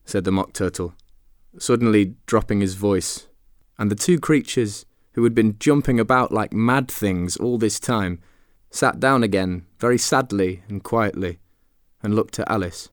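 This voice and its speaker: A reader narrating a storybook in an animated way. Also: medium pitch, unhurried, no echo, clean studio sound. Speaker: audiobook reader.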